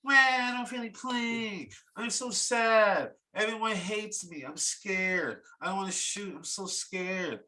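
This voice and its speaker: A man's voice: high-pitched, a little slow, few pauses, sharp tone, voice pushed up. A man mocking a self-pitying young male basketball player in a sulky, whimpering voice. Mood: whining.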